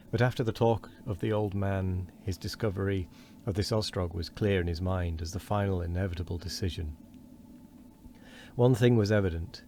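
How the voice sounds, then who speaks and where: A man reading a novel aloud at a steady, measured pace. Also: low voice, a little hiss or hum. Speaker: streamer reading a book aloud.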